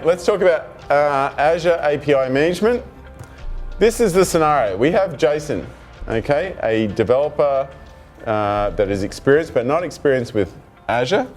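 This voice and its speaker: A man's voice: on the high side, moderate pace, soft background music. A man presenting a developer talk and telling a workplace story with acted-out dialogue. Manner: animated storytelling, acts out dialogue. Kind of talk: technical talk to an audience.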